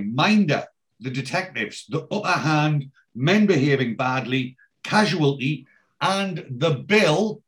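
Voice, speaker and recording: A man hosting a podcast, casually recapping a TV episode in a rambling way, full of "you know" and restarts. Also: a little high. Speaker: podcast host.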